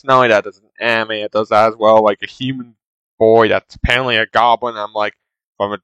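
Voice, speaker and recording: A man's voice: fairly low pitch, a bit bright, clear, resonant tone, no echo, poor audio. A man in a casual, rambling monologue, complaining in an exasperated way to his chat as a streamer.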